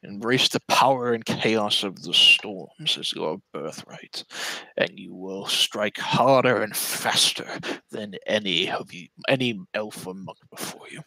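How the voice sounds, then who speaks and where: A man's voice: fairly low pitch, measured pace, hardly any pauses, sharp tone, no room sound, exaggerated voice, poor audio. A man voicing an imperious male storm god of chaos and destruction, speaking in grand, commanding phrases. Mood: tempting.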